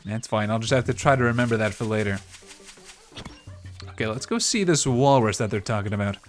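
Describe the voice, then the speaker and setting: A man's voice: lowish voice, lively intonation, fairly quick, soft background music. A man from Canada chatting casually while he plays a video game, rambling with lots of fillers. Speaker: streamer playing a game. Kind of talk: casual gameplay commentary.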